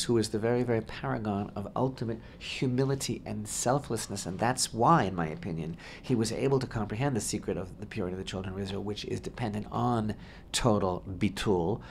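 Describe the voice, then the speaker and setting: A man with a low, gravelly voice leads a radio discussion of scripture, building long, wordy sentences and leaning hard on key phrases. He often circles back and repeats himself as he works toward a point. A faint hiss sits under the recording. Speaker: rabbi co-host. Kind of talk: Torah discussion on talk radio.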